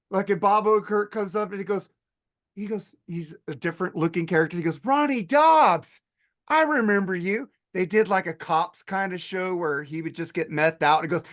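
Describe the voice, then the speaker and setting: A man on a podcast, casually retelling comedy sketches with lots of swearing and acted-out voices. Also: high-pitched. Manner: animated storyteller, acts out sketch voices, swears freely. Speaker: podcast co-host. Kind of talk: casual chat.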